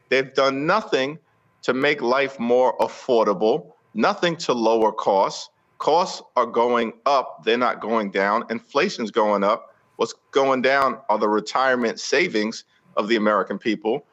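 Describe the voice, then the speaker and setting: A man speaking as a guest politician in an interview, forceful and rhetorical with a speechmaking cadence. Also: medium pitch, normal speed, dull audio.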